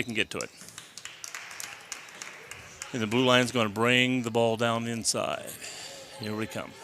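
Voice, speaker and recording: A man calling a high school basketball game play-by-play, out of breath and rising with excitement on the big plays. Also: a little slow, long pauses, a little hiss or hum. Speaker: play-by-play announcer. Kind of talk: local sports commentary.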